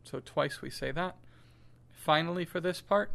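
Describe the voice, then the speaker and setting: A middle-aged man teaching children a song's diction, saying each phrase slowly and patiently for them to echo back. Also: on the high side, gravelly, a bit bright. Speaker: music teacher. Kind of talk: call-and-response diction lesson.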